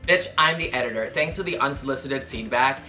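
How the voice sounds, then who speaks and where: A young man telling a comedic dating story to camera, sassy, animated and profane. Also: mid-range voice, brisk, faint music behind. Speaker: travel vlogger.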